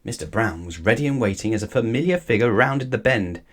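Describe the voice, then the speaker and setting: A man reading a children's storybook aloud with lively, expressive narration. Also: fairly low pitch, brisk. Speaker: storybook reader.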